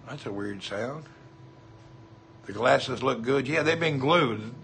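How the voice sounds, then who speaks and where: A man's voice: medium pitch, animated, takes it slowly, a bit bright, a little hiss or hum. A man with a Southern US accent, chatting casually on a livestream, reading viewer comments and greeting people by name in a folksy way. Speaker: livestream host.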